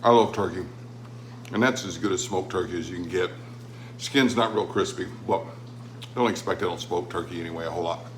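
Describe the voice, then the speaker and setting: A man's voice: sits low, fairly quick, a little hiss or hum. A middle-aged man hosting a casual home cooking vlog, talking in a folksy, rambling way with many fillers. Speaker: home cooking channel host. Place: home patio and kitchen.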